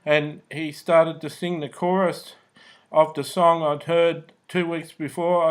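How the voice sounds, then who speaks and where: An earnest man with a somewhat high voice recounts his own life story aloud, unscripted. His telling meanders and stays soft-spoken and subdued throughout. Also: little pitch movement, slow pace. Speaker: memoir narrator.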